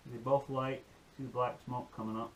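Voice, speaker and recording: A man's voice: mid-range voice, level tone, normal speed, fairly bright tone, a little hiss or hum. A man giving a folksy, rambling demonstration and telling a joke on his channel. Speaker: outdoor-skills YouTuber.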